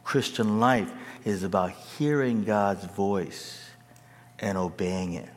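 A man preaching a sermon in a church or large hall, animated, calling on the crowd to answer him. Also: lowish voice, slow. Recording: echoey hall.

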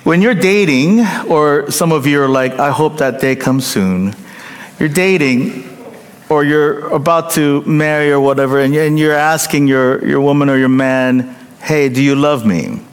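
Slow-preaching pastor in a reverberant hall. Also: male voice, fairly high pitch. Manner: emphatic, swings between loud peaks and hushed drops, checks in with the congregation. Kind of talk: sermon.

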